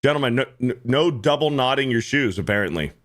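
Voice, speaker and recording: Sex: man. Role: livestream host. Style: casual reaction commentary. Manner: animated and profane, with a bright, lively voice. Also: mid-range voice, quick pace. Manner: animated, profane, repeats himself.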